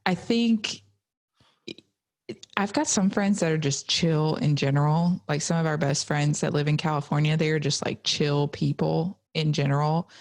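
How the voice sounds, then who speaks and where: A low-pitched woman in her thirties chats easily, her talk strewn with "like" as she tells stories. She sounds relaxed and conversational. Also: normal speed. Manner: chatty, lots of "like" fillers. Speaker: podcast co-host. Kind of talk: casual chat.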